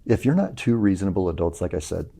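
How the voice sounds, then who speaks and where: A married man talking casually as a guest, telling stories in an animated way. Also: low-pitched. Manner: gravelly, quick, animated storytelling. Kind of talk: casual conversation.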